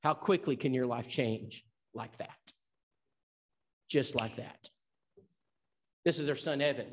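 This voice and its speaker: A man's voice: mid-range voice, slow pace, background noise. A man from Tennessee who teaches an evangelism seminar. He preaches in an emphatic storytelling style and acts out the dialogue. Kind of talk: sermon.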